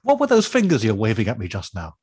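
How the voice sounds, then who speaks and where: Husky-voiced man, wry and chatty. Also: lowish voice, huge pitch swings, quick pace, a little mellow, dry recording, clean studio sound. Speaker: radio news contributor. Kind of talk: casual radio chat.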